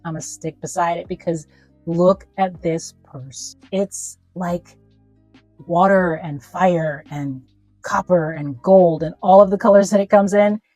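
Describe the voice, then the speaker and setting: A woman's voice: fairly low pitch, takes it slowly, mellow, no echo, soft background music, low-quality recording. Chatty woman reviewing fashion finds. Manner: chatty, emphatic and playful. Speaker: fashion vlogger. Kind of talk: casual product review.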